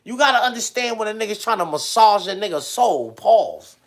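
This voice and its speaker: A man's voice: high-pitched, moderate pace. Slangy man chatting on a livestream. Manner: slangy and animated, often addresses chat. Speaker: livestream host. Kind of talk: casual livestream chat.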